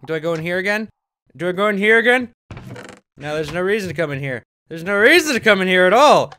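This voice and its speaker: A young man commentating his play of a horror game, jumpy and yelling whenever he is startled. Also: high-pitched, lively intonation, fast talker, a little hiss or hum. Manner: jumpy, shouting and screaming when startled. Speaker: gamer.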